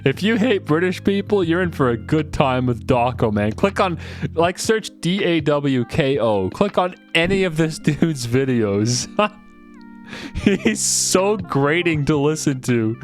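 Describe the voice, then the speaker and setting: A man's voice: on the high side, expressive, measured pace, soft background music. A man giving casual, joking commentary while playing a video game. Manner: joking, chatty, laughs a lot. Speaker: let's play gamer.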